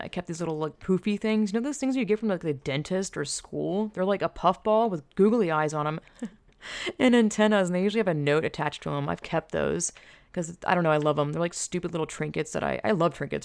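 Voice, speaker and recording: A woman's voice: lowish voice, creaky, a little mellow, no echo. A woman telling stories in a loose, rambling monologue, full of fillers and casual swearing.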